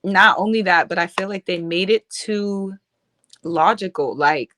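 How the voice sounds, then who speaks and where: A woman with a bright, forceful voice talks in loose slang, animated and quick to laugh. The conversation is relaxed and casual. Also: medium pitch. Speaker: guest. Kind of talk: casual chat.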